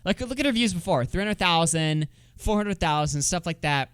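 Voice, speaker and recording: A man's voice: on the high side, animated, moderate pace, fairly bright tone, clean tone, no room sound, studio quality. A man doing casual livestream commentary, swearing freely and sarcastic, reading comments aloud. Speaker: streamer.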